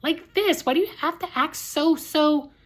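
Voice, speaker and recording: A woman voicing a frightened teenage girl who pleads and yells urgently, in a storybook reading. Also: on the low side, animated, normal speed, voice pushed up. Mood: urgent, pleading.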